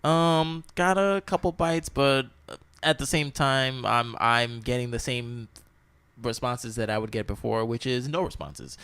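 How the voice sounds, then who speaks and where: A man's voice: medium pitch, unhurried, a bit bright, clear, resonant tone, no room sound. A laid-back young man co-hosting a casual podcast, his voice sitting mid-range. He laughs often and leans on "you know", and his voice sounds dry and close. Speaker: podcast co-host. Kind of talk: casual chat.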